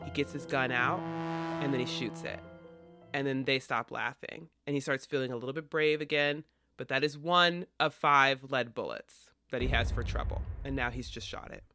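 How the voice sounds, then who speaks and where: A man's voice: mid-range voice, moderate pace, faint music behind. A man co-hosting a podcast, casually retelling a stage play and acting out the characters' lines. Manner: animated storyteller acting out lines. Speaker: podcast co-host.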